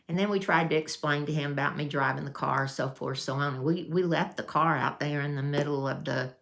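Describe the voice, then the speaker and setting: A woman's voice: sits low, fairly even intonation, a little fast, vocal fry, few pauses, fairly bright tone. A woman, telling a story in a folksy, meandering way as a vlogger. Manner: folksy, meandering with restarts and fillers. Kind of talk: casual storytelling.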